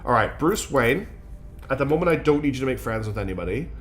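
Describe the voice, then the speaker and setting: A man's voice: medium pitch, expressive, fast talker, faint music behind. Tired, rambling male game streamer. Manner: rambling, chatty, self-mocking with many fillers. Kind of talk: casual gameplay commentary.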